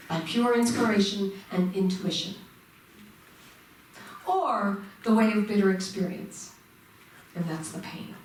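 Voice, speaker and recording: A woman's voice: mid-range voice, a little mellow, distant mic, slight background noise. A woman minister giving a sermon to her congregation, engaging them with questions. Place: church sanctuary. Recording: echoey church room, mic from afar.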